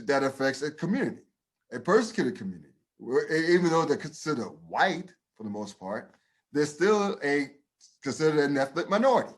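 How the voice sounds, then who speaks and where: A man co-hosting a casual podcast, talking bluntly and emphatically, swearing freely and restarting his sentences. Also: fairly high pitch. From United States. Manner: profane, emphatic, with many restarts. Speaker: podcast co-host. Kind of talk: casual opinion chat.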